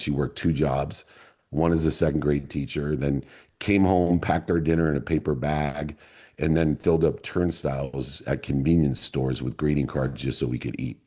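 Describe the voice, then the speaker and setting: Leading a men's mastermind group, a middle-aged man tells a motivational story earnestly and deliberately, lingering on key words. His voice is a rumbling low, mellow, with a breathy edge.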